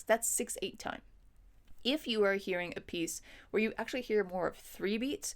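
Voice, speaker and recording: A woman with a medium-pitched voice teaches a music lesson at a moderate pace. She patiently explains and counts the beats aloud, often checking in with her listener.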